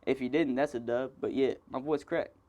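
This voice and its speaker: A man's voice: mid-range voice, steady tone, a little fast, mellow, muffled recording. A man in his twenties hosting a solo podcast, rambling and self-mocking, laughing often as he talks. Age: 20s. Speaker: podcast host. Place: indoors, seated.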